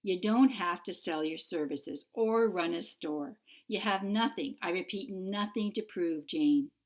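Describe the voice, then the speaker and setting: A woman's voice: on the low side, unhurried, close to an everyday voice. A woman voicing a sardonic female cat familiar in an audiobook, dry and sarcastic. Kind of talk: audiobook character voice.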